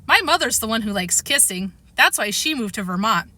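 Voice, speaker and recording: A woman's voice: a little high, animated, fairly quick, sharp tone, dry recording. A woman voicing a chatty, joking preteen boy in a children's storybook reading.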